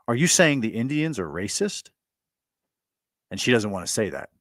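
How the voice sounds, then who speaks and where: Blunt male storyteller, lowish voice, dry close recording, provocative, full of restarts. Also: big pitch swings, normal speed, fairly bright tone, no echo. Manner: blunt, provocative, repeats himself with stammered restarts. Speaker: commentator telling a personal story. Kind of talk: monologue recounting a conversation.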